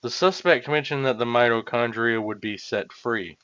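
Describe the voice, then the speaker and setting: A man reading the lines of an earnest young female police detective in his own plain voice, asking steady, even questions. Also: medium pitch, moderate pace, highs cut off, natural voice.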